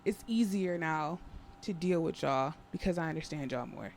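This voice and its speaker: A woman's voice: deep voice, moderate pace, a little mellow, a little hiss or hum. A woman guesting on a podcast, speaking in a reflective and direct way. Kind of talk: casual podcast chat.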